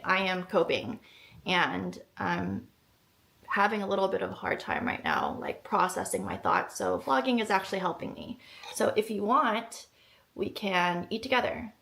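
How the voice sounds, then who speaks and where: A woman's voice: medium pitch, gravelly, a bit bright. A woman talking to camera in a casual eating vlog, chatty and self-deprecating, with lots of filler words. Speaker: vlogger.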